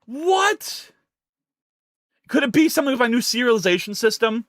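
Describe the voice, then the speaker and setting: A man's voice: very high voice, big pitch swings, normal speed, fairly bright tone, dry recording, studio quality. A man streaming his game development live, talking to chat in a frantic, exclaiming way with a lot of swearing.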